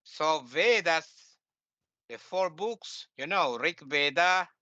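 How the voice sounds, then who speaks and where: Male teacher, non-native English, lecturing; bright and clear, halting with fillers, mutters asides; dull, dry recording. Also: fairly high pitch, expressive, dry recording. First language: Spanish. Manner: drops into quiet muttered asides. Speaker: teacher and author. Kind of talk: lecture on scripture.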